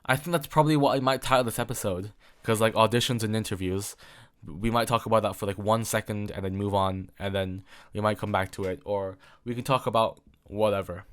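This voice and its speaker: A man's voice: lowish voice, fairly even intonation, fairly quick, a bit bright, clean tone. A young man in his late teens from England, talking alone in a rambling podcast, full of fillers and repeated words. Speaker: podcast host. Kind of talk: solo rambling chat.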